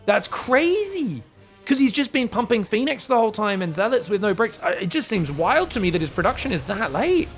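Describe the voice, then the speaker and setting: Male esports caster from Australia, faking a British accent; high, excitable, jokey, faint music underneath. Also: fast, few pauses. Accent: put-on British over Australian. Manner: excitable, jokey, bursts into loud high exclamations. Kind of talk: live game commentary.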